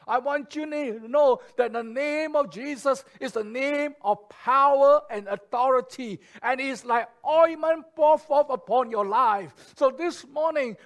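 A male pastor with a high-pitched voice preaches a sermon, speaking slowly and with deliberate care. He repeats his key phrases to drive them home. His delivery moves between quiet, low stretches and loud proclamations.

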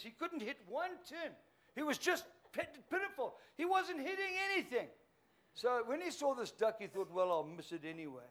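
An older man preaching, telling a rambling, joking story. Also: sits high. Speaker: pastor. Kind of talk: sermon storytelling.

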